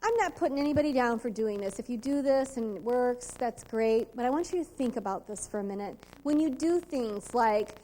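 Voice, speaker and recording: A woman's voice: a little high, expressive, brisk, hardly any pauses, mellow. A woman giving a motivational sales training talk, emphatic and quizzing the audience with rhetorical questions. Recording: 2002 VHS convention tape.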